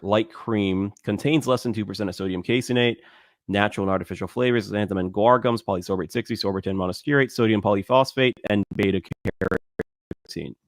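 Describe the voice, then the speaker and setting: A man co-hosting a podcast in casual chat, reading ingredient labels aloud with halting fillers. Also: lowish voice, no echo, clean studio sound. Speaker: podcast co-host.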